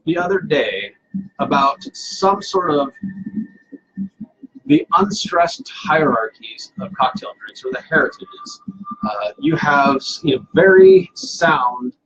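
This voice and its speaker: A man's voice: a little high, gravelly, a bit bright, a little hiss or hum, rough recording. A man hosting a casual live cocktail stream from home, playful and self-mocking, rambling with fillers. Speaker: cocktail show host.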